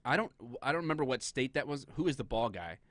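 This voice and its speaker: A man co-hosting a live stream in loose, joking banter, now and then slipping into silly put-on voices. His voice sits at an ordinary middle pitch and comes through a close, dry mic with no room sound. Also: lively intonation, fast, a bit bright, dry recording. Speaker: podcast co-host, police officer.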